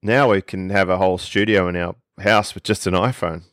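Australian man, lowish voice, podcast guest, enthusiastic, dry close sound. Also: steady tone, a little fast, a bit bright, clean tone, no echo. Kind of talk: casual podcast conversation.

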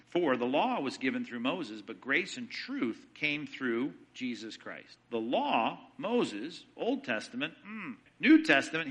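Bright-voiced man teaching a Bible lesson. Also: mid-range voice. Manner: quick, conversational teaching with rhetorical questions. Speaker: pastor teaching theology. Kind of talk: sermon-style Bible lecture.

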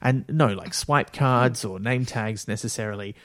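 A man's voice: lowish voice, moderate pace, fairly bright tone, no echo, studio quality. A man co-hosting a podcast, chatting casually and rambling a bit with fillers. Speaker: podcast co-host, writer of a radio series.

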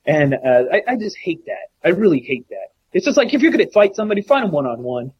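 Husky high-voiced man telling a story. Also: fast, muffled recording. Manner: profane, animated storytelling with many restarts. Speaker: podcast co-host. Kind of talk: casual storytelling chat.

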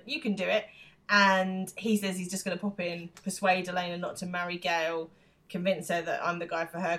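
Woman podcast co-host, low-set voice, laughs a lot while retelling scenes. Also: fairly bright tone. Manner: laughs often, acts out quotes. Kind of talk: casual chat recapping a show.

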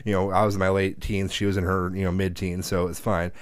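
Profane, animated man telling family stories. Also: deep voice, brisk, no echo. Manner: profane, animated storyteller who acts out quotes. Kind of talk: casual storytelling chat.

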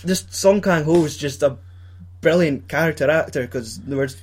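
A man's voice: fairly high pitch, normal speed, husky. A young Scottish man chatting casually about films, swearing and laughing often as he acts out scenes. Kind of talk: casual film chat.

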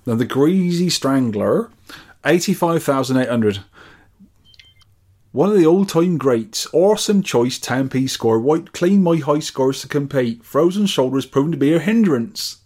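A man's voice: fairly high pitch, animated, measured pace, a little mellow. A man from England co-hosting a podcast, reading out listener scores and comments with wry asides in casual chat. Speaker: podcast co-host.

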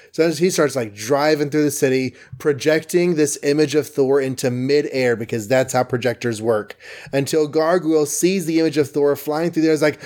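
Animated man retelling a comic. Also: on the high side, moderate pace. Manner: animated, rambling storyteller with fillers. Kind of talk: casual comic book recap.

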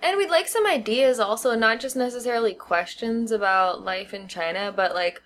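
A woman's voice: fairly high pitch, normal speed, fairly bright tone, slight background noise. A woman co-hosting a podcast in casual chat, talking with many "like" and "you know" fillers. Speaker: podcast co-host.

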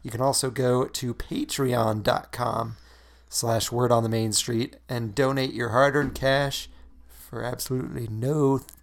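A man's voice: medium pitch, little pitch movement, a little slow, hardly any pauses. A man co-hosting a casual podcast, chatty and laughing often. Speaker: podcast co-host. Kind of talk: casual chat.

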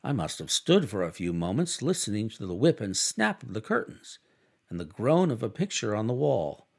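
Male audiobook narrator, measured literary reading, lively pitch, gravelly. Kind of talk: audiobook narration of a classic novel.

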